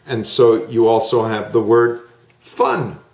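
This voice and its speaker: Slow, patient male English teacher. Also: mid-range voice, expressive, darkish tone, echoey room. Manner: slow, patient, drawn-out modelling of sounds. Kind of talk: online one-to-one lesson.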